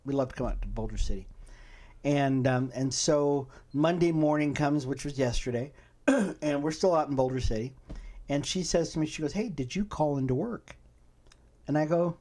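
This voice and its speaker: A man's voice: on the high side, moderate pace, darkish tone. A middle-aged man hosting a podcast, chatting casually and telling stories with frequent laughs. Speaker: host.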